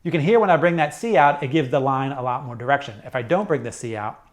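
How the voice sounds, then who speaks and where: A middle-aged man teaching a saxophone lesson, explaining jazz articulation step by step in a clear, methodical way. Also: mid-range voice, quick pace, over loud music. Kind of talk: instructional music lesson.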